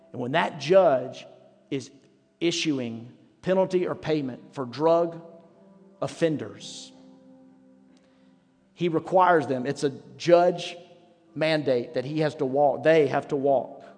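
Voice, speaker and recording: In a church sanctuary, a pastor delivers a sermon, sharing stories in a conversational manner. His voice is fairly high and a little mellow, and the recording carries long hall reverb with faint music underneath.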